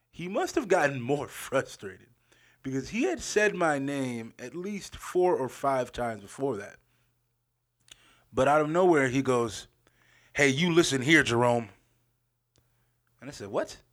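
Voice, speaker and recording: A man's voice: mid-range voice, a bit bright. A young man hosting his own podcast, telling a story in a casual, rambling way, repeating phrases and laughing often. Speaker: podcast host.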